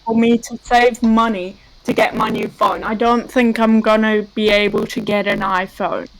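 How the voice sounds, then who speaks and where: A woman's voice: fairly high pitch, flat delivery, moderate pace, low-quality recording. A woman co-host chatting bluntly and jokingly over an online call. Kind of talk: casual chat. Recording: robotic online call audio with faint noise.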